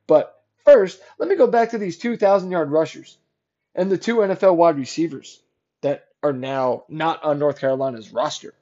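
A young man with a high voice hosts a solo sports podcast. He rants with biting sarcasm and swears freely, swinging between low grumbles and loud, heated outbursts. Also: lively intonation, normal speed, highs cut off. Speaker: podcast host.

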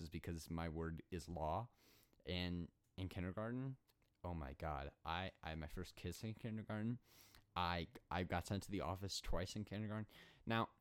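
A man's voice: low-pitched, smooth. A man of twenty hosting a solo podcast, telling a story in a rambling, sarcastic way with many fillers. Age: 20s. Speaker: podcast host.

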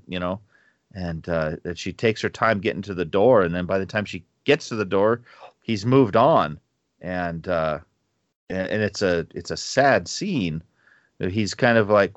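Deep-voiced man musing on scripture. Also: dry recording, muffled recording. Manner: reflective, halting with many restarts. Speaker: co-host of a Bible study podcast. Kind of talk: casual Bible discussion.

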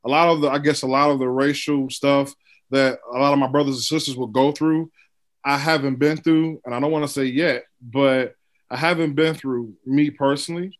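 A man's voice: medium pitch, steady tone, normal speed. A man comedian in a panel discussion, speaking hesitantly with many fillers.

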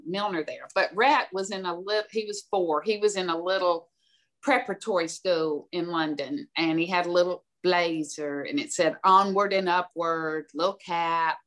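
A woman's voice: on the low side, normal speed, a bit bright. An older woman from the American South, a podcast guest giving direct, emphatic advice and telling stories. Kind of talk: conversational advice.

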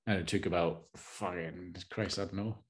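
A man co-hosting a podcast, laid-back and casually swearing in relaxed chat. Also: deep voice, moderate pace. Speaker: podcast co-host.

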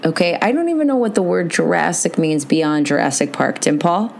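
A woman's voice: on the low side, animated, a little fast, creaky, a little mellow, a little hiss or hum. A woman co-hosting a podcast, chatting casually, swearing freely and telling stories with big jumps in emphasis. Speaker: podcast co-host. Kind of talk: casual chat.

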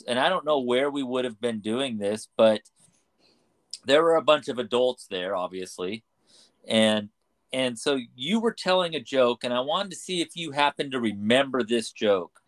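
A man co-hosting a podcast, telling a story in a casual chat with halting restarts. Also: mid-range voice, expressive. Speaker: podcast co-host.

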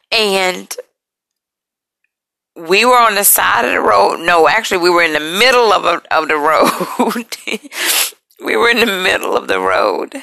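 A woman hosting a podcast, talking about personal struggles in an emotional, halting, apologetic way, and she is tired. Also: mid-range voice, creaky, bright, forceful tone, no echo. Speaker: podcast host. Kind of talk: personal confessional talk.

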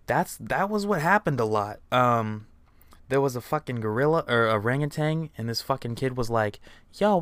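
A man's voice: fairly low pitch, a bit bright, smooth, no echo. Profane rambling young man storyteller. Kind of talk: casual storytelling monologue.

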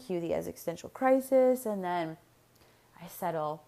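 A woman's voice: medium pitch, moderate pace. Young woman, solo podcast host, blunt and profane, mid-range voice, loose conversational delivery. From United States. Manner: candid, profane, animated, with frequent fillers and laughs. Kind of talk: casual solo podcast monologue.

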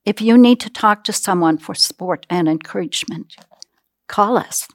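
Calm woman reading a closing message. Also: medium pitch, normal speed, no room sound, studio quality. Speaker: ministry announcer.

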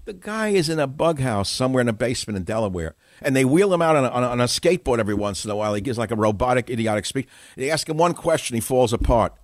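A man's voice: mid-range voice, expressive, fast talker, few pauses, no echo, clean studio sound. A man from New York hosting a radio talk show, combative and mocking, firing off rhetorical questions.

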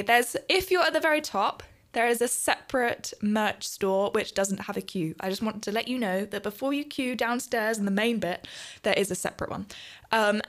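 A young woman chats casually as a student radio host. She rambles from one thing to the next and laughs often. Her voice sits a little high. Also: fairly bright tone. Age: young adult. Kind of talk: casual chat.

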